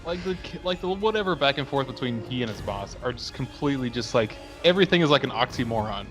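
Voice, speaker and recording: A man's voice: medium pitch, expressive, fast, soft background music. A man co-hosting a casual movie review podcast, rambling with lots of "like" and swearing. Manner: rambling, filler-heavy, profane. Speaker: podcast co-host.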